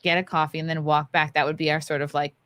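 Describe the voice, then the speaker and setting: A woman's voice: low voice, flat delivery, quick pace, fairly bright tone. A woman hosting a podcast who chats casually, laughs often and reads news items aloud. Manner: giggly, laughs often between remarks. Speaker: podcast host. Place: podcast studio.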